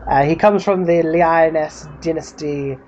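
A woman playing a stuffy, slow-talking butler. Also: deep voice, a little mellow, slight background noise. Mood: stiff. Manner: slow, drawn-out and stiff. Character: stuffy mustached male butler. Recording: slightly dull lo-fi recording.

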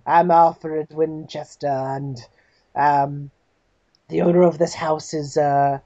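A woman voicing a stuffy mustached male butler who speaks slowly and stiffly. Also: deep voice, steady tone, dark tone, full character voice. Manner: slow, drawn-out and stiff. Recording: slightly dull lo-fi recording.

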